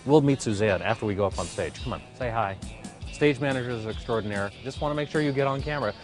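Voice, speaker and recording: A man's voice: mid-range voice, fast. A man giving a playful backstage video blog tour of an awards show venue, pointing things out as he walks. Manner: playful, jokey, pointing things out while walking. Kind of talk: casual walk-through tour. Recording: music playing behind the voice. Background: guitar music.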